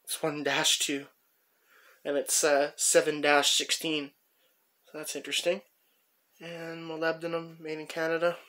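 A man casually showing his tool finds one by one, chatting in a rambling way with lots of pauses. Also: a little high, completely flat delivery, bright, forceful tone, slight background noise. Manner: rambling, chatty, many "uh" pauses while handling tools. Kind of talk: casual show-and-tell narration.

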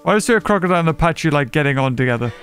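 A man giving casual gameplay commentary, excitable and laughing often as he talks to other players. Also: a little high, racing, faint music behind. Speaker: gaming channel host.

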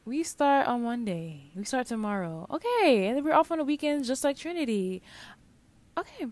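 A woman's voice: high voice, moderate pace. A young woman giving casual, slangy commentary while she plays a life-sim game, talking to her viewers. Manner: chatty, slangy, talks to her viewers while playing, bursts of excitement. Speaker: gaming channel host. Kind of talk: casual Let's Play commentary.

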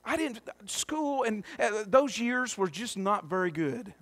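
A man's voice: high voice, very animated, measured pace, a bit bright, dry recording. A male pastor preaching a folksy, earnest sermon in church, with many restarts and asides. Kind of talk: sermon and prayer. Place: church sanctuary.

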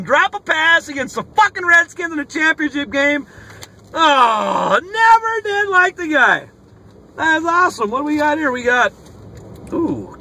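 Excitable, foul-mouthed card vlogger, man, bouncy and animated delivery, in a car. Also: very high voice, slight background noise. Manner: excitable, profane, hollering. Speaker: sports card collector opening mail. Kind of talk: casual card-opening vlog. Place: inside a car. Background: rock music playing faintly.

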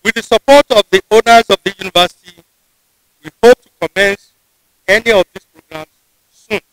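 A man with a Nigerian English accent giving a formal convocation address in a measured, deliberate way, often restarting his phrases. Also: high voice, no room sound, poor audio. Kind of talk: formal ceremonial speech. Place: ceremony venue.

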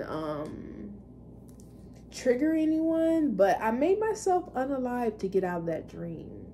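A woman's voice: mid-range voice, dark tone, a little hiss or hum. A woman vlogger casually recounting personal experiences in a candid, rambling way, cursing now and then. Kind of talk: casual storytelling monologue.

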